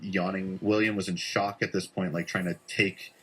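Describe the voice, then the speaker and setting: A man's voice: deep voice, little pitch movement, normal speed, a bit bright, breathy edge. A man casually telling a conspiracy tale, rambling with lots of "like" and "um" as he goes. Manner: rambling, full of "like" and "um". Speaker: storyteller. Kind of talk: casual conspiracy storytelling for social video.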